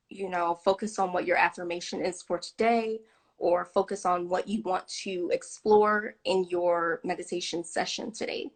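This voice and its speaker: Chatty woman on a video call. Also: fairly low pitch. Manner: chatty, laughs often, many ums. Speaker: interview guest. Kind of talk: casual video-call interview.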